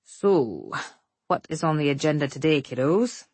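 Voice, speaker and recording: Woman reading as a chill dad, lowish calm voice, patient with the kids. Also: measured pace, husky, no room sound, exaggerated voice. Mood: fatherly. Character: easygoing family dad, gentle but firm.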